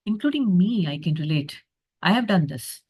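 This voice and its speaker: Her voice is on the low side, husky and a little mellow, with lively intonation at a moderate pace. She's leading a reflective online coaching masterclass on a video call, filling her speech with fillers and voicing a coach's inner thoughts.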